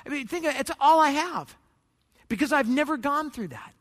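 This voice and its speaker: A man's voice: very high-pitched, lively intonation, normal speed, a bit bright, long reverb tail. A man preaching a sermon as pastor, earnest and conversational, acting out little scenes from church life.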